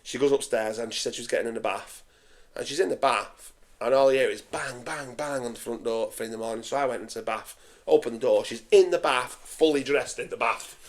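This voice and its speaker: A man, hosting a podcast and telling a sweary, animated story in casual chat. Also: mid-range voice, a little fast. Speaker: podcast host.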